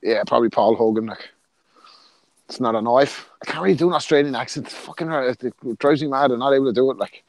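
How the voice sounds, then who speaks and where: An Irish-born man co-hosts a podcast in relaxed chat with many fillers. His voice sits mid-range, recorded dry and close. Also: mid-range voice, fast talker, no echo. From Ireland. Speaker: podcast co-host. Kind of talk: casual sports chat.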